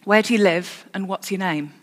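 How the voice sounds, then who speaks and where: A woman's voice: mid-range voice, moderate pace. Woman preaching in a reverberant church. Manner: storytelling with self-corrections and dry humour. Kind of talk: sermon.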